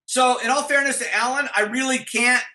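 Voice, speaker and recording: A middle-aged man with a bright, high voice tells stories as an interview guest. He talks bluntly and swears freely, acting out what others said, and often starts his sentences over. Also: steady tone, brisk, low-quality recording. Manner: blunt and profane, with frequent restarts and acted-out dialogue. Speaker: interview guest, former band manager. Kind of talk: anecdotal storytelling in an interview.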